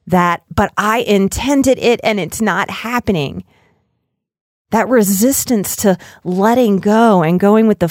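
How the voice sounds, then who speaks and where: A woman's voice: darkish tone, no echo, studio quality. A woman podcast host giving an earnest, reflective self-care talk that builds in rhythmic lists. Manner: earnest, rhythmic lists, shifts pitch often.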